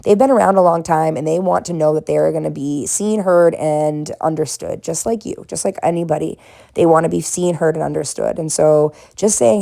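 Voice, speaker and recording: A woman, possibly in her thirties, from the Boston area with a faint Boston accent, talks gently and encouragingly about her art while she paints, laughing at herself now and then. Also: low voice, normal speed, creaky. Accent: faint Boston, mostly smoothed out. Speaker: art vlogger and therapist. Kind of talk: casual reflective talk while painting.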